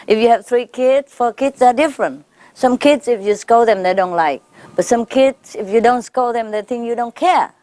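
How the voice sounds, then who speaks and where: A woman spiritual teacher speaking informally to her followers, laughing often and repeating warm phrases. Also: on the high side, normal speed, dry recording. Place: gathering with a live audience.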